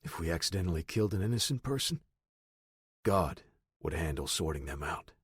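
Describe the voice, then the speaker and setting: A man reading a first-person audiobook in a steady, low-key storytelling manner. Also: brisk, slightly rough, no echo, clean studio sound. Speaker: audiobook narrator.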